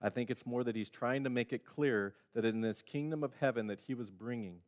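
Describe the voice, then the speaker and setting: A middle-aged male pastor preaching a sermon in a church, talking conversationally and acting out quoted lines, with sudden jumps between loud and quiet. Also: mid-range voice, a little fast. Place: church sanctuary.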